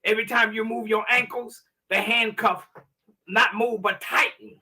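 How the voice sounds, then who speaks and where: A man's voice: high voice, fairly even intonation, moderate pace, pushed and bright, recorded from a distance. A man from New York, a guest telling a personal story earnestly, often repeating and restarting his words. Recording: voice set back from the mic.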